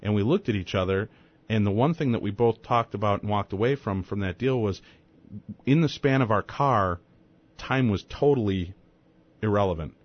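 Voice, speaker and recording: A man in his forties hosting a radio talk show, chatting and telling a story in a lively, conversational way. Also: lowish voice, moderate pace. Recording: dull lo-fi radio sound.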